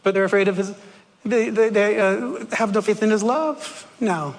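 A man preaching a sermon in a lively, conversational way, often laughing and acting out quoted shouts. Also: high voice, moderate pace. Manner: animated, acts out disciples' shouts.

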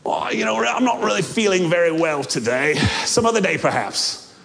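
A man voicing a whiny, excuse-making male ghost who pleads in a high, strained voice. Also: big pitch swings, moderate pace, creaky, a bit bright, exaggerated voice. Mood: whining. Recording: long hall reverb.

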